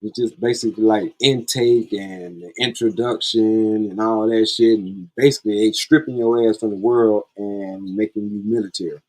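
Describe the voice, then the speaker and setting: A man's voice: lowish voice, steady tone, normal speed, few pauses, darkish tone. A man hosting a podcast, telling stories in a blunt, profane, laid-back way. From Columbia, South Carolina. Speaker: podcast host. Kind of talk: casual storytelling monologue.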